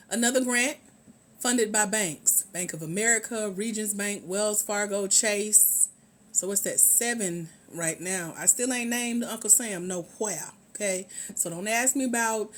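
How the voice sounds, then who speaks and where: A woman hosting a casual livestream about grants, talking chattily and greeting viewers by name. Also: medium pitch. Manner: lively, chatty, drawn-out repetition, calls out viewers by name. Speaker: livestream host, grants mentor.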